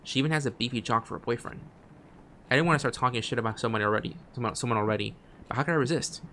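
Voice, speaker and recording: A man streaming a game, reading its text aloud, often stumbling and restarting phrases and dropping quiet asides. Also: medium pitch, racing, slight background noise. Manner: drops quiet asides between read lines.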